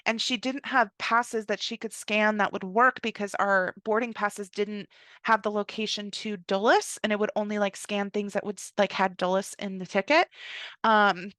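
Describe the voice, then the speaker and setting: A young woman hosting a podcast, telling a personal travel story in a chatty way, full of "like" and quick acted-out asides. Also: mid-range voice, no room sound, clean studio sound. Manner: chatty, heavy use of "like", animated quoted asides. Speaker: podcast host. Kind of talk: casual storytelling monologue.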